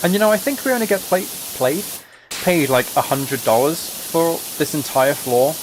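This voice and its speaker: A young British man hosting a relaxed livestream, chatting casually and rambling as he answers his chat. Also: on the high side, normal speed. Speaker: livestream host. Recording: steady hiss of spraying water behind.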